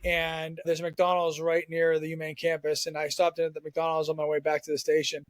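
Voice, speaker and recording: Fast-talking animated male storyteller. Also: on the high side, no room sound. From Southern Maine. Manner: animated storyteller, quick and chatty. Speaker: guest, former TV sports reporter. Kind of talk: casual podcast storytelling.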